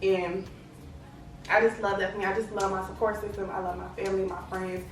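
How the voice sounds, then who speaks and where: A woman's voice: medium pitch, flat delivery, fairly quick, a little hiss or hum. A young woman from Texas, chatting casually to camera as a vlogger and filling her talk with "like" and "you know what I'm saying". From Lubbock, Texas. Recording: echoey room, distant mic, faint ambience.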